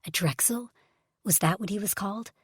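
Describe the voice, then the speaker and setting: A woman's voice: medium pitch, normal speed, husky, no echo, studio quality. A woman narrating a fantasy romance audiobook in first person, emotional, sometimes dropping to a whisper. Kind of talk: scripted narration.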